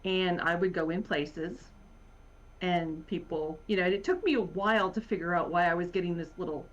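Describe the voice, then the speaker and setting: Casting note: woman, Virginia accent, easygoing guest on a video call, muffled lo-fi sound, lots of ums. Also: fairly low pitch. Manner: rambling, many pauses and fillers, laughs often. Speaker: podcast guest. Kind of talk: casual conversation. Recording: muffled lo-fi audio.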